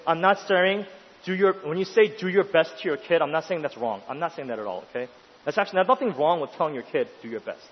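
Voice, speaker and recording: A man preaching a sermon with emphatic delivery, pushing his voice up into urgent questions and then dropping to a hush. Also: high-pitched. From New York City. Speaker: pastor. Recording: dull, lo-fi sound in a long-reverb hall.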